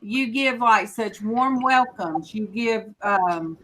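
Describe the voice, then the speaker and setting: A woman's voice: fairly high pitch, takes it slowly, a bit bright. A woman hosting a casual group chat in a folksy, chatty way. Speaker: show host.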